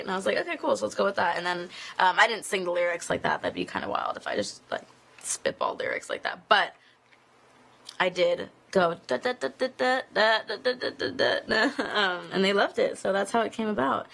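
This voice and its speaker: A woman answers fan questions in a casual live stream, streamed from a phone inside an office building. Her voice has a gravelly, fry-tinged texture, and her talk rambles from one thought to the next, full of "like" fillers. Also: medium pitch, sing-song, a little fast, fairly bright tone. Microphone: phone streaming live video.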